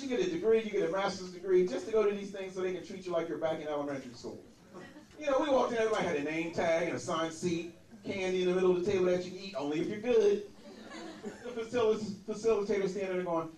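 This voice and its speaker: A man doing a crude, brash stand-up comedy set in a comedy club, slipping into quick impressions of the people in his stories. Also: high-pitched, lively intonation. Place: comedy club stage with a laughing audience. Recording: roomy club recording from a distance, crowd laughter.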